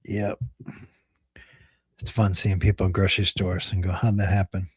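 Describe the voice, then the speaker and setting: A man's voice: sits low, little pitch movement, moderate pace, breathy edge, no room sound. Male host, chatty storyteller, laughs a lot, dry close mic. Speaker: livestream host, attorney. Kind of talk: casual livestream chat.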